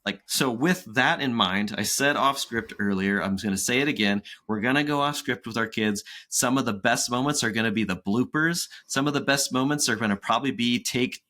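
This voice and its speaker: Man, 30s, podcast co-host, casual animated storyteller, bright forceful tone. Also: mid-range voice. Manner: animated storytelling with acted-out quotes. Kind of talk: casual chat.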